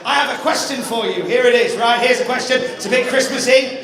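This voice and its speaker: A man presenting a comic quiz segment, shouting in a theatrical way. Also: very high-pitched, brisk, gravelly, roomy sound, crowd noise.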